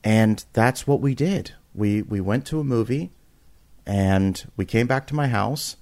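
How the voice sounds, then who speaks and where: A man guest on a podcast, telling a story in a casual, animated way, often restarting and repeating words and acting out quotes with big jumps in pitch. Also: unhurried.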